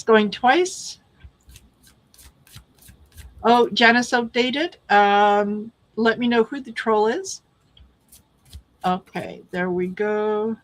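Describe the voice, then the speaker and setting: A woman's voice: medium pitch, low-quality recording. A woman hosting a live tarot reading stream, chatting casually and calling out viewers by name. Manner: friendly, calls out viewer names.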